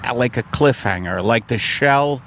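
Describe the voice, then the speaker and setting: An older man, a comedian hosting a podcast from a car, telling rambling absurd stories and jumping into shrill character voices. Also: normal speed, a bit bright, slight background noise. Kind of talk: rambling absurd comic storytelling.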